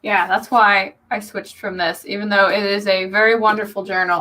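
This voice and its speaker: Woman, co-host, video call, bright tense voice, friendly, reads questions. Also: mid-range voice, little pitch movement, normal speed, a little hiss or hum. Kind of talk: casual group chat on a livestream.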